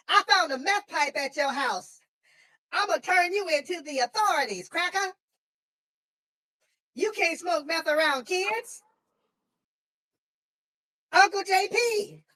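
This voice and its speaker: A shrill, piercing voice of a foul-mouthed little boy, as a woman puts him on, very high and sharp. He hurls brash insults in a squeaky, exaggerated child voice on a call-in show. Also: full character voice. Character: crude foul-mouthed young boy nephew.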